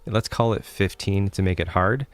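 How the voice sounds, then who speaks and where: Game master, male, very low smooth voice, chatty rules talk, dry close mic. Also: normal speed, no echo. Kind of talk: running a tabletop game.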